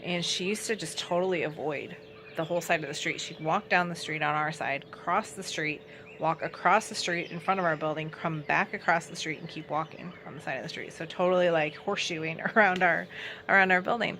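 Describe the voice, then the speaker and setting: A woman's voice: low-pitched, fairly even intonation, a little fast, pushed and bright, a little hiss or hum. A young adult woman telling her personal faith testimony in an earnest, conversational way. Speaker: outreach ministry founder.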